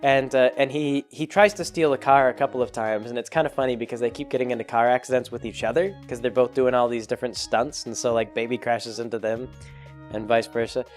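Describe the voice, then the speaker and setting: A man casually recapping a film, rambling and joking as he corrects himself along the way. His voice sits at an ordinary mid pitch. Faint music plays underneath. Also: steady tone, a little fast. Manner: rambling, jokey, full of fillers and self-corrections. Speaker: vlogger.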